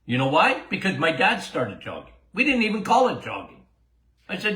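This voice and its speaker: Older male doctor-host, casual Q&A podcast, emphatic, laughs a lot, slightly high bright voice, echoey room. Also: moderate pace. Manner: animated, emphatic, repeats himself, laughs often.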